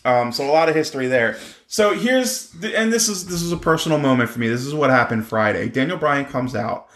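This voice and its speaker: Animated man with lively pitch. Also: brisk, echoey room. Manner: animated, jumps into high-pitched exclamations. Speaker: wrestling podcast co-host. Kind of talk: casual chat.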